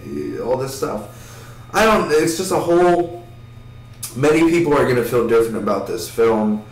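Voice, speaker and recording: Guy rambling through a movie review, cusses a lot, mid pitch, sounds echoey and kinda far off. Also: moderate pace. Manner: rambling, animated, swears casually. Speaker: film reviewer. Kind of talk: casual spoken film review.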